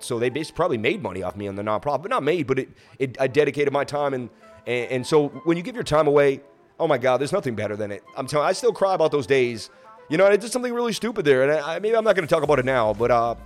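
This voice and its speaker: Rambling, emotional male livestream host. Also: mid-range voice. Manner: rambling, emotional, pleading for likes. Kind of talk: casual livestream chat reading viewer comments. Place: traveling, streaming from Miami.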